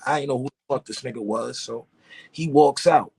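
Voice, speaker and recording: A man's voice: mid-range voice, normal speed, vocal fry, a little mellow, breathy edge, no room sound. A middle-aged man from Harlem, a guest rapper telling a laid-back, profane story. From Harlem, New York. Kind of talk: casual storytelling.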